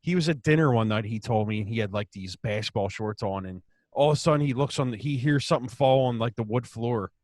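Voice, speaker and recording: A relaxed man chats on a podcast, casual and profane, quick to laugh. His mid-pitched voice sounds dry and close, with no room around it. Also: no room sound. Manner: laid-back, profane, laughs along. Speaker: podcast co-host. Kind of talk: casual chat.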